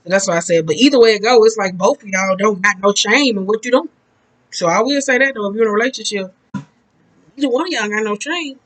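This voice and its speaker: A woman's voice: medium pitch, fast, poor audio. A woman giving a casual tarot card reading, talking bluntly and profanely in a chatty, rambling way. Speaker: tarot reader.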